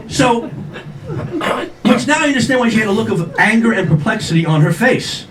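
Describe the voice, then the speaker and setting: A man's voice: sits high, big pitch swings, moderate pace, crowd noise. An older man performing a stand-up comedy set, telling self-mocking stories with brash acted-out quotes. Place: comedy club stage with audience laughter. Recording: echoey club from a distance, noisy.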